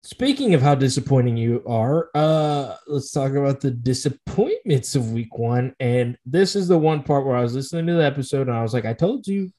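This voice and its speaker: Mellow-voiced man teasing his co-host. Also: medium pitch, animated, a little fast, few pauses. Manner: teasing, sarcastic. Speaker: podcast co-host. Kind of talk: casual sports chat.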